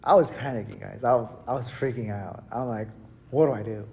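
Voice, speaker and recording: A male pastor preaching a sermon in a church, telling a story with animated, acted-out panic. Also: mid-range voice, a little fast, gravelly. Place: church hall.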